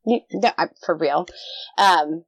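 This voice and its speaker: A woman author chatting as a guest on a podcast, telling stories in a bubbly, animated way. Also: lowish voice, slow pace, no echo. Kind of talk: casual podcast chat.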